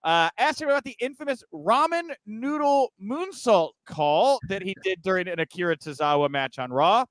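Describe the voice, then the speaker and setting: Male host, casual news chat, joking sarcastic asides, high pitch, smooth tone. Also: lively intonation, normal speed, a bit bright, no echo. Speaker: podcast host.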